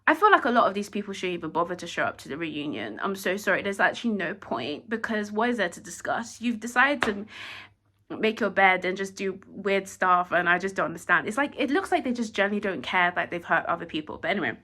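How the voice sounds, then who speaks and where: A woman giving a casual, animated opinion review of a reality show, acting out quotes from the cast and saying "like" often. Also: mid-range voice, quick pace. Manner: animated, acts out quotes, frequent "like".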